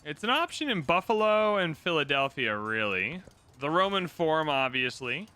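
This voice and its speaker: A young man talks through a strategy game on his channel, his voice bright and very lively as it swings up and down in pitch. He jokes with viewers and fakes outrage at his opponents. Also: normal speed, clear, resonant tone. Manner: playful, mock-outraged, jokey asides to the audience. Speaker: gaming YouTuber. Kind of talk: casual strategy game commentary.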